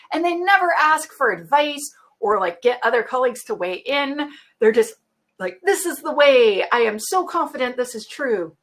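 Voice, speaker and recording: A woman's voice: fairly high pitch, fairly bright tone. A Canadian woman presenting a webinar in a chatty, casual way, laughing often and using lots of fillers.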